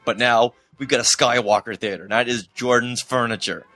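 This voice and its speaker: A man from the Boston area co-hosts a fan podcast with a bright, forceful voice at a middling pitch. He chats casually and eagerly and laughs easily, with faint music underneath. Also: fairly even intonation, fairly quick. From Boston area, USA. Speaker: podcast co-host.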